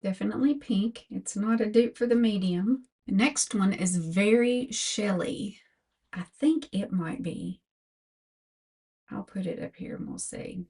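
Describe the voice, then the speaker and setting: A woman's voice: medium pitch, dark tone, husky. An older woman giving a chatty makeup tutorial as a beauty vlogger, talking through products one by one. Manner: slow, chatty product talk.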